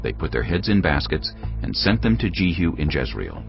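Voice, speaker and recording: Narrator, man, very deep and gravelly, dramatic and measured scripture reading. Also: sing-song. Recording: dull lo-fi with background music.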